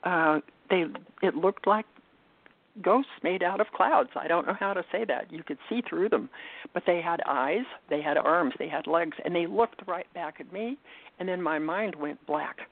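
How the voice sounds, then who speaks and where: An older woman giving an earnest personal testimony as an interview guest, halting and restarting as she talks. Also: fairly low pitch, creaky. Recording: tinny phone line, dry.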